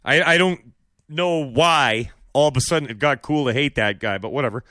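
A man's voice: medium pitch, normal speed, dry recording, studio quality. A man hosting a monologue show, giving opinionated commentary with sarcastic, mocking rhetorical questions. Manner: bursts into exaggerated shouted impressions. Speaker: podcast host.

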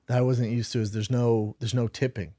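A man's voice: medium pitch, flat delivery, brisk, mellow, no echo, clean studio sound. A man co-hosting a casual podcast, telling a rambling story full of swearing. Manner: rambling storyteller, heavy swearing, acts out quotes. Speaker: podcast co-host. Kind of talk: casual chat.

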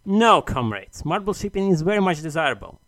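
A man's voice: a little high, sing-song, a little fast, a bit bright, dry recording. A man delivering a mock-grandiose, argumentative monologue in an audio message sent to a show. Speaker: listener sending an audio message. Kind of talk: read-out monologue.

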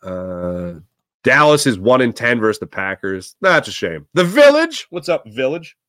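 A man hosting a sports talk stream, casually reading out viewer comments with sarcastic, animated asides. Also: fairly low pitch, unhurried, dry recording, clean studio sound. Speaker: sports talk show host.

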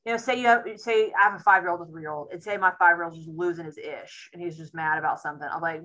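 Woman doctor, bright voice, frank, lively, down-to-earth. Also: on the low side, quick pace, few pauses, poor audio. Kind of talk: conversational interview answers.

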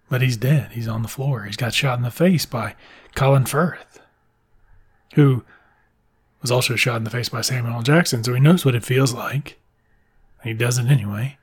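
A man's voice: mid-range voice, normal speed, pauses often, husky. A man casually recapping a film plot in a rambling, profane, wisecracking way.

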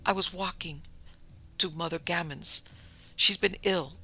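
A man's voice: high voice, unhurried, creaky, pushed and bright, exaggerated voice. A man voicing a terrified young wife who chokes and sobs as she speaks, in a storybook reading. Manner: breathless and choking with terror.

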